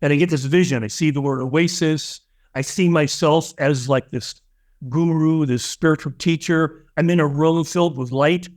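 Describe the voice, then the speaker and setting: A man's voice: a little high, moderate pace, a little mellow. Earnest man recounting a spiritual story. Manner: emotional, earnest, with frequent restarts. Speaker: guest, spiritual teacher. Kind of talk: personal storytelling in an interview.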